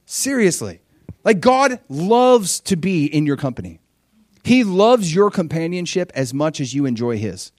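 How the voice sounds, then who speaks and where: A young adult man preaching a sermon with animated storytelling, acting out the voices of people in his stories. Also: on the high side, a little slow, no echo, studio quality.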